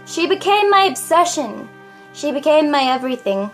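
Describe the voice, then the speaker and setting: High-voiced young Australian woman vlogger. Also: big pitch swings, normal speed, faint music behind. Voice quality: naturally high voice. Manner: chatty, self-mocking, swears casually. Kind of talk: casual storytelling to camera.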